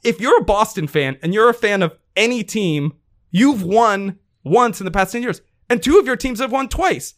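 A man's voice: high-pitched, animated, normal speed. A man on a sports podcast, ranting in a heated, profane and sarcastic way. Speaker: podcast co-host.

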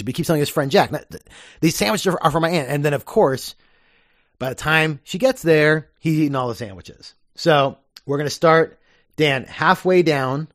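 A man's voice: on the high side, no echo, studio quality. A man hosting a casual podcast, chatty and explaining with plenty of fillers. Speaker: podcast host.

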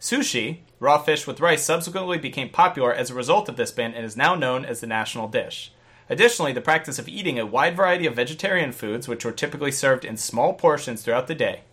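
A man hosting a casual podcast, briskly reading a listener's note aloud in a playful way. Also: mid-range voice, expressive, a bit bright, breathy edge. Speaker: podcast host.

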